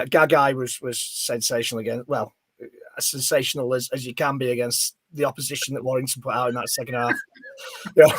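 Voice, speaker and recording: Hesitant male pundit, fairly high voice, dry close sound, casual chat. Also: dry recording. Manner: hesitant, many restarts and fillers.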